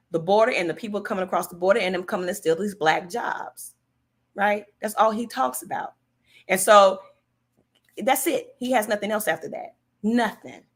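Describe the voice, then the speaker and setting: This chatty Californian livestream host talks politics casually and emphatically, going over her points again and responding to viewers' comments, which she reads out loud. Her voice is medium in pitch and slightly bright.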